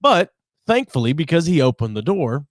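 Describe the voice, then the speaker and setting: This male co-host has a slightly high voice at normal speed and spins an animated story in casual chat, performing each quote. The studio-quality recording has no room sound.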